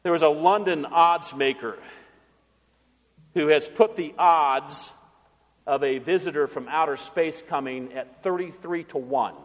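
A man's voice: fairly high pitch, measured pace. A man preaching a sermon as pastor, asking the congregation questions and answering them himself, in a church. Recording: long church reverb.

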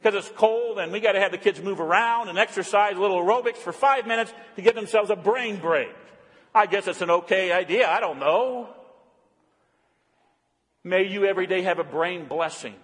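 A man preaching a sermon as pastor, swinging from raised, fervent calls to hushed, soft-spoken prayer. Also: high voice, breathy edge. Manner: impassioned preaching, voicing God's call in a raised voice. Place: church sanctuary. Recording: long church reverb.

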